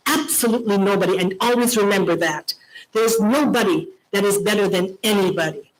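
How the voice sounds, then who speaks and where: A woman's voice: medium pitch, poor audio. Older woman giving a heartfelt speech. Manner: storytelling, emphatic, repeats key phrases. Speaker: keynote speaker. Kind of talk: motivational conference speech.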